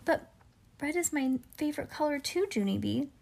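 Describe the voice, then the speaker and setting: A woman's voice: high voice, expressive, moderate pace, vocal fry, darkish tone, a little hiss or hum, voice pushed up. A woman reading a children's book aloud and voicing an upset, whiny little kindergarten girl.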